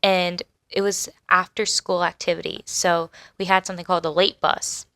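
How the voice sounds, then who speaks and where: A young adult woman co-hosting a podcast, recalling school days in expressive casual chat and laughing often. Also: on the low side, normal speed, no echo. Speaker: podcast co-host.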